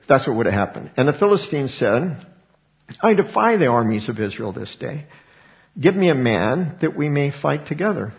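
Middle-aged male pastor, gravelly voice, chatty stop-start preaching, dull lo-fi sound. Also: medium pitch. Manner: conversational preaching with repeated word restarts. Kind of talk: sermon. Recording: dull lo-fi recording.

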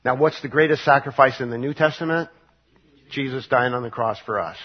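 A man preaching a midweek Bible study sermon, halting and full of fillers and restarts. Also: mid-range voice, husky, lo-fi sound. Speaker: pastor.

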